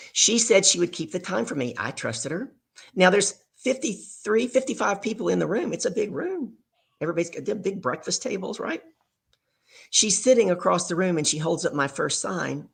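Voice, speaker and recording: A middle-aged woman spins an animated story during an interview. She voices the people in it as she goes. Her voice has a gravelly fry and a husky edge. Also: fairly low pitch. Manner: animated storyteller acting out dialogue. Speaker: guest speaker.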